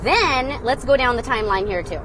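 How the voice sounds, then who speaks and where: Loud, animated young woman streaming live. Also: a little high, a little fast, soft background music, poor audio. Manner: animated, sarcastic, mocking; loud and excited. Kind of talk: casual live stream commentary. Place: indoors, phone live stream. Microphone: phone.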